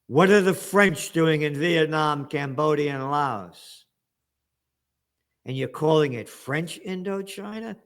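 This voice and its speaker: A man giving ranting political commentary as an interview guest, sarcastic, with bursts of shouting. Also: on the high side, takes it slowly.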